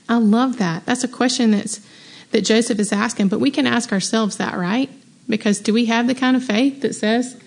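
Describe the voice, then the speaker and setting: A woman leading a women's Bible study, reading scripture aloud and commenting in an excited, conversational way with many rhetorical questions. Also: fairly high pitch, moderate pace. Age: adult mother. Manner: enthusiastic, conversational, exclaims and asks rhetorical questions.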